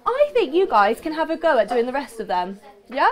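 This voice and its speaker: A woman teaching a primary school class in a classroom, brisk and full of praise. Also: high-pitched, big pitch swings.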